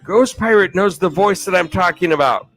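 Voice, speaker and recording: A man's voice: high-pitched, normal speed, a bit bright, faint music behind. A man hosting a live stream, chatting in an upbeat way and thanking viewers. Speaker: livestream host.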